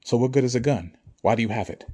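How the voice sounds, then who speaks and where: This man's voice is mid-range, darkish, and slightly rough, and he talks quickly. As a spiritual speaker, he lectures his audience emphatically in a motivational vein, frequently asking if they follow him.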